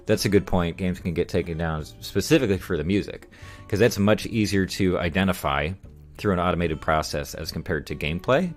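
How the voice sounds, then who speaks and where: A male streamer in casual chat, rambling along, reading viewer comments aloud and chuckling often. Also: sits low.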